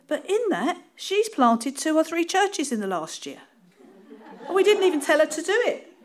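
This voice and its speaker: A woman from London's East End with a Cockney accent, preaching an informal, laughing, self-deprecating sermon. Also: high-pitched.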